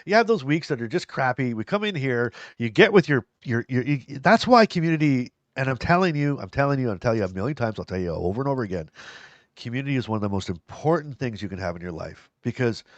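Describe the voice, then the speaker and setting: A man's voice: mid-range voice, animated, fast talker, no room sound, dull audio. A man co-hosting a live show, chatting casually and reading viewer comments aloud. He rambles, repeats himself and laughs easily. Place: live stream.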